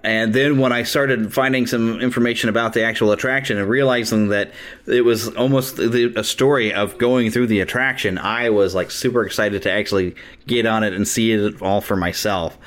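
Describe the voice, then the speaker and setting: Chatty, excitable male podcast host. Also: lowish voice. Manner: eager, chatty, quick to laugh. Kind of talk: casual chat.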